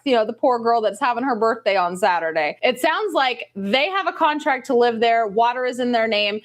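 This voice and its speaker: A woman hosting a casual reaction show, chatting through a clip, laughing often and thinking aloud. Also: fairly high pitch. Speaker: news reaction host. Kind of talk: casual commentary on a video clip.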